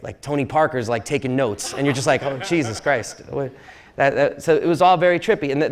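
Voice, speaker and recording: A man tells stories to a live audience in a university lecture hall. His delivery is loose and conversational, full of fillers, restarts and asides. He jokes with the crowd as he goes along. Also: mid-range voice. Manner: rambling, jokey, with many fillers and restarts. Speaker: sportswriter giving a public talk. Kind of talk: casual storytelling talk to an audience.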